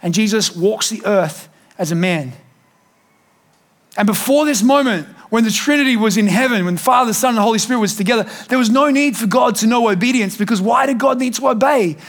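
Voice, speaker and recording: A man with a notably high voice delivers a church sermon to a gathered congregation. He talks animatedly, breaking into shouts to drive his points home and slipping into playful quoted voices. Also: a little fast. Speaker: pastor. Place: church hall before a congregation.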